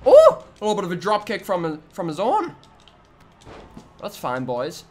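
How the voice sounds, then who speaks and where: Excitable young man commentating a game. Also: sits high, normal speed, slight background noise. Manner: excitable, trash-talking the opponent, sudden loud outbursts. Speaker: gaming YouTuber. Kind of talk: let's-play commentary.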